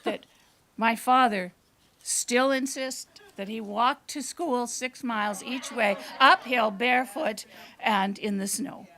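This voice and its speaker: Brief: woman storyteller, slightly high voice, deadpan wit, live in a small venue. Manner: dry, deadpan humor with drawn-out pauses. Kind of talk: live storytelling before an audience. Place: small performance space on stage.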